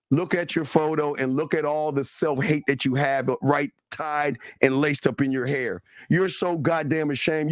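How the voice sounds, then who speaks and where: A man's voice: on the high side, no echo, studio quality. Profane, confrontational man co-host. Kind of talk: heated livestream talk.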